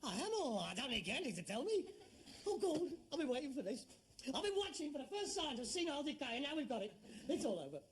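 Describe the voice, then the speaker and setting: In a 1970s British sitcom, a middle-aged Cockney-accented Londoner acts a grown son full of sarcasm and exasperation. His very high-pitched voice is sing-song and quick, over slight background noise.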